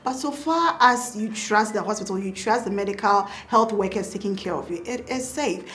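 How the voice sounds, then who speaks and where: A woman's voice: mid-range voice, normal speed, a bit bright. A woman with a Ghanaian accent, a doctor and mother, tells her birth story in a casual interview, acting out her own past words with laughter.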